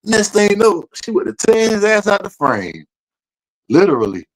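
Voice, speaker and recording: A man who tells a family story in casual chat. He talks loose and full of slang and swearing, and his voice sits a little high for a man. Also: normal speed, rough recording. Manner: animated storyteller with slang and profanity. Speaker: podcast co-host.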